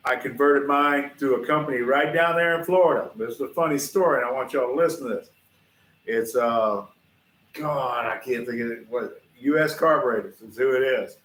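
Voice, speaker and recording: A man's voice: medium pitch, fairly bright tone. Folksy man in an echoey shop. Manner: folksy, chatty, addresses viewers directly. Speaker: host of a livestream shop show. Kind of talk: casual rambling storytelling to chat. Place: workshop.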